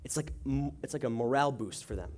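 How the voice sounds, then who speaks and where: A fast-talking young youth pastor with a medium-pitched voice opens his sermon at a church youth service with an animated joke story, voicing the characters, then moves on to prayer and reading. There's slight background noise.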